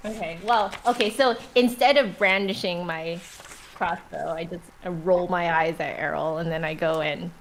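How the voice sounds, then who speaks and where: A woman's voice: lowish voice, fairly even intonation, normal speed, low-quality recording. A woman playing in a tabletop game, talking hesitantly with many fillers. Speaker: player. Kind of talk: casual game chat. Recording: loud background noise.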